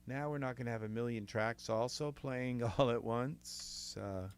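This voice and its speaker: A man's voice: mid-range voice, measured pace, clean tone. A man with a Southern US accent, muttering to himself as he works through a music production tutorial and often trailing off mid-sentence. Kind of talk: thinking aloud while working in software.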